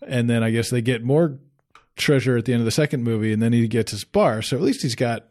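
A man's voice: mid-range voice, fast talker, darkish tone. A man co-hosting a podcast, chatting in an easygoing, agreeable way. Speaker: podcast co-host. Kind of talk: casual chat.

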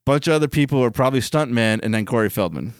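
A man hosts a casual podcast, joking and laughing often. His voice swings in lively fashion and sounds dry and close. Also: medium pitch, rapid-fire, smooth, no room sound. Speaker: podcast host. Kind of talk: casual chat.

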